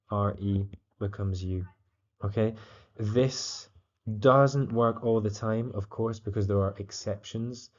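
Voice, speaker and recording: A man teaching a language lesson, walking through grammar with a relaxed, explanatory manner and frequent fillers. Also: fairly low pitch, lo-fi sound. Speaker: French teacher. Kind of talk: exam tutorial explanation.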